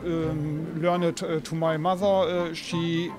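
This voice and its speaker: A man answering interview questions casually, halting with many fillers. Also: fairly high pitch, level tone, music in the background.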